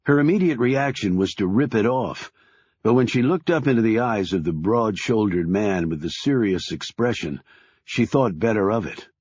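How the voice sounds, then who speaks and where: A man giving measured, deliberate scripted audiobook narration. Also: lowish voice, lively intonation, a little mellow, slightly rough, no room sound, muffled recording.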